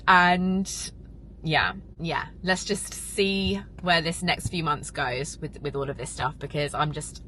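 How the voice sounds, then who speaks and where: Bright-voiced, gushing woman vlogger. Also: sits low, animated, normal speed, a little hiss or hum, rough recording. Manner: gushing, emotional, rambling with many fillers. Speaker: vlogger and podcast host. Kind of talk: casual vlog chat to camera.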